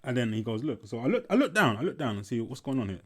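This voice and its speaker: A man's voice: medium pitch, sing-song, fast talker, husky. A young man, telling a school story casually while commenting on a film, swearing often and repeating himself. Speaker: movie reaction commentator.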